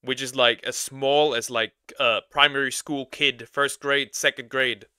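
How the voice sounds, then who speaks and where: A man reacting to a video as a streamer, in animated casual commentary with sudden loud outbursts. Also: medium pitch, a little slow, clear, resonant tone, dry recording.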